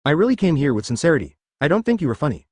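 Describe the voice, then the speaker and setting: A man's voice: a little high, sing-song, racing, a little mellow, dry recording. A man reading as a scheming crime boss. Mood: threatening. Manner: confident, then blustering.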